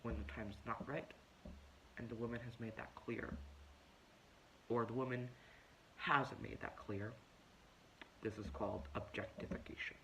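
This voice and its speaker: A man's voice: medium pitch, measured pace, long pauses, a little hiss or hum, rough recording. A man playing a self-righteous, preachy young woman who tells her story in a pompous, lecturing comedic monologue. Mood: indignant. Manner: pompous, lecturing, deadpan self-important delivery.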